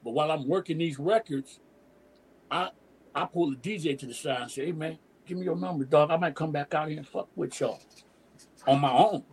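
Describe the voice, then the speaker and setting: A man's voice: fairly high pitch, fairly quick, slightly rough, poor audio. A middle-aged man from Detroit, a DJ and emcee guesting on a podcast, telling a long story in profane slang and acting out what others said. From Detroit, USA. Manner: animated storyteller, profane slang, acts out quoted dialogue. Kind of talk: casual storytelling interview.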